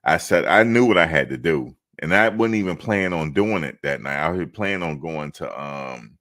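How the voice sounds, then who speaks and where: A man from New Jersey tells a travel story to the camera, casual, animated and full of slang, repeating himself for emphasis. His voice rumbles low and his pace is normal.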